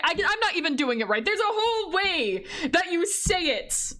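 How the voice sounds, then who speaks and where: A woman's voice: sits high, lively intonation, fairly quick, hardly any pauses, a bit bright. A woman streamer reading a visual novel aloud and chatting with her viewers, chatty and giggly. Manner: chatty, giggly, talks to chat.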